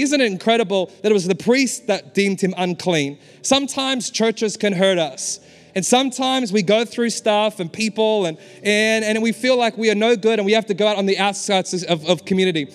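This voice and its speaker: High-voiced man preaching in a hall. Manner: impassioned, emphatic preaching with repeated "come on". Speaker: pastor. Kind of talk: sermon. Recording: long hall reverb with faint music behind.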